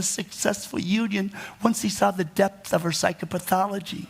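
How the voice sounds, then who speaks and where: A man's voice: sits high, fairly even intonation, normal speed, creaky, hardly any pauses, slightly rough. A man telling his own story as a monologue, dramatic, confessional and self-mocking. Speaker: card magician telling his life story.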